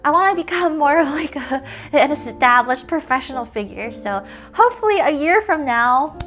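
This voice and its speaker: A woman's voice: high-pitched, expressive, normal speed, fairly bright tone. A young woman streamer chatting casually with her viewers, full of "like" fillers and the odd swear, and she sounds tired. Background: faint music.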